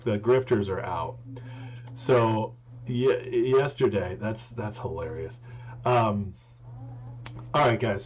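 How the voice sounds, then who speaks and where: Rambling, joking male live-stream host. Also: medium pitch. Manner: joking, rambling, trying to speak softly. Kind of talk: casual live-stream talk. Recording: dull lo-fi with faint hum.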